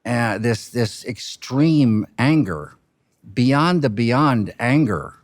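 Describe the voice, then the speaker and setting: A film director speaking reflectively, with a halting manner of trailing off and restarting mid-sentence. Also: male voice, mid-range voice, lively intonation, no room sound, clean studio sound. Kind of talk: reflective interview talk.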